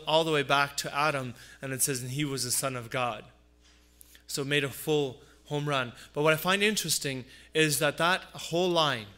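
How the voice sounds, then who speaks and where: A man preaching a Christmas sermon, earnest and repeating phrases for emphasis, dropping low on his asides. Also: pushed and bright. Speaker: pastor.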